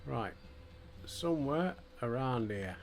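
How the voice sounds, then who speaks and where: A man's voice: medium pitch, expressive, takes it slowly, slight background noise. An older man with a Yorkshire accent giving casual gameplay commentary, with dry, joking asides. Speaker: let's play host.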